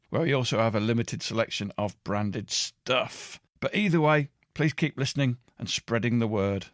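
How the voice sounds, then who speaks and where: A man reads a podcast outro in a steady, scripted delivery at a middle pitch. The sound is dry and close, with no room echo. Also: moderate pace, few pauses.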